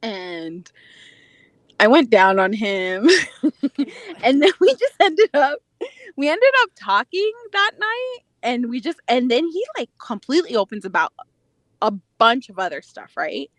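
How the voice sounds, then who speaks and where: A woman's voice: a little high, measured pace, no echo. A woman telling a dating story in casual chat, acting out quotes with lots of laughter. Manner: animated, laughing, acts out quotes. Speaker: podcast guest.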